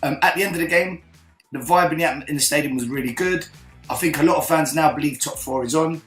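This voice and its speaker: A man hosting a fan call-in show, telling a lively, swearing story in casual chat. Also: on the high side, fast, echoey room, soft background music, rough recording.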